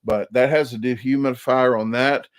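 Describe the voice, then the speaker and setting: A man's voice: medium pitch, fairly even intonation, moderate pace, dry recording, clean studio sound. A man, hosting a casual live-stream chat and rambling with many restarts and repeated words. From Illinois. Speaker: YouTube channel host.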